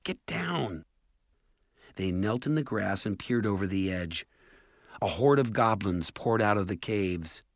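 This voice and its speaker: A man narrating a storybook in a measured, steady way. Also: fairly low pitch, dry recording, studio quality. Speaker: audiobook narrator. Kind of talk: scripted narration.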